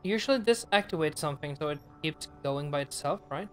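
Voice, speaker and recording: A woman with a fairly low voice talks through a co-op game on a live stream. She is practical and directive, tossing in the odd mild curse. Faint game music plays behind her. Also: animated, a little fast. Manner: practical, directs the play, swears lightly. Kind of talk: casual live-stream chat.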